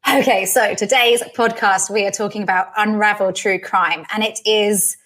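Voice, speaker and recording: A woman's voice: mid-range voice, steady tone, moderate pace, fairly bright tone. A young woman hosting a podcast, chatting casually and laughing easily with a friend. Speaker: podcast host. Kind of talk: casual chat.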